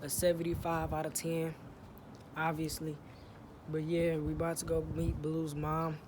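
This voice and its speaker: A playful vlogger jokes straight into a handheld phone camera, heavy on slang and teasing. The voice sits at an ordinary middle pitch. It is recorded outside in the sun, with clear outdoor noise running underneath. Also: monotone, measured pace. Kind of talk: casual vlog talking to camera. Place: outdoors in sun, near a truck.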